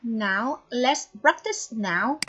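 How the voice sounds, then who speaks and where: Encouraging woman English teacher, high voice and slow, deliberate delivery. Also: lively intonation, pushed and bright, husky. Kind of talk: online English lesson. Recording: dull, lo-fi recording with faint noise.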